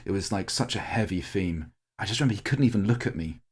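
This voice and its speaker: A man's voice: fairly low pitch, animated, quick pace, husky. A man co-hosting a podcast, telling a long, heartfelt and rambling story about a live-action roleplay event, full of fillers and restarts. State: tearing up. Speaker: podcast co-host. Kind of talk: casual podcast chat recounting a larp event.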